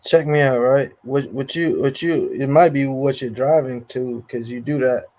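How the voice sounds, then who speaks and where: A man's voice: medium pitch, steady tone, normal speed, a little mellow. A man with a mid-range voice argues his view on a casual panel. He speaks emphatically in slang and stumbles over repeated words as he builds up to his point.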